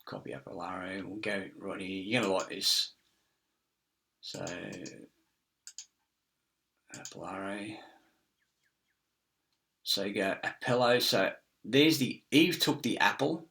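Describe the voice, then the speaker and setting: A man's voice: deep voice, unhurried, long pauses, sharp tone. A middle-aged man, rambling in a casual monologue with many fillers, restarts and frequent swearing. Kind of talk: casual screen-share monologue.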